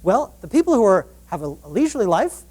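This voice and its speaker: Lecturing an audience at a live event, a woman researcher on relationships delivers an animated public talk, performing quoted dialogue and restarting frequently. She has a husky, medium-pitched voice and talks fast.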